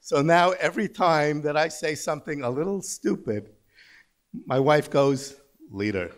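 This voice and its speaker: A man's voice: on the high side, a little slow. Man in his sixties giving a joking dinner speech. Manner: dry storytelling with self-mocking jokes. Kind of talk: humorous after-dinner speech. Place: large banquet hall.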